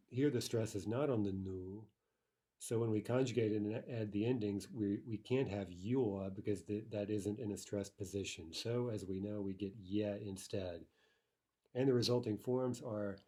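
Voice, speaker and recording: A man walks through a grammar lesson in a lowish, mellow voice, checking in with listeners by asking "right?" and "okay". He slows down carefully whenever he sounds out example word forms. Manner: explanatory, frequent "right?" and "okay". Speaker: language teacher.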